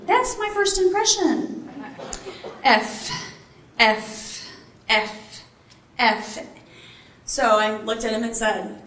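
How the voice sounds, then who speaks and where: Woman, motivational speaker, high voice, unhurried, animated storyteller, echoey hall. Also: recorded from a distance, a little hiss or hum. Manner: animated, acts out quotes, jokes with the crowd. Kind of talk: keynote storytelling to a live audience.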